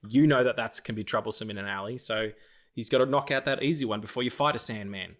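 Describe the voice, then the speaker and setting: A man's voice: fairly low pitch, fast talker, fairly bright tone. A man co-hosting a casual film podcast, swearing freely, laughing often and acting out quoted movie lines. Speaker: podcast co-host.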